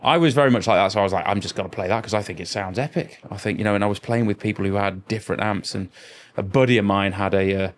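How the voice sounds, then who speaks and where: A middle-aged man co-hosting a podcast chats casually, rambling through anecdotes with plenty of swearing. His voice is on the low side and he talks fast.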